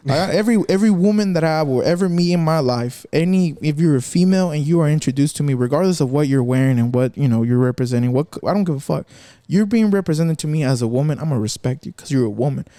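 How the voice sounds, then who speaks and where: A man's voice: a little high, quick pace, hardly any pauses, mellow, no echo. A man hosting a casual podcast, telling stories in a rambling, profane way and laughing often. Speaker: podcast host.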